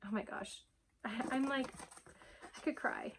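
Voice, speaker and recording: A woman chatting casually as she unboxes a gift at home, gushing, breathy and often dropping to soft whispers. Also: high voice, a little slow, slight background noise. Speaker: vlogger unboxing a gift box.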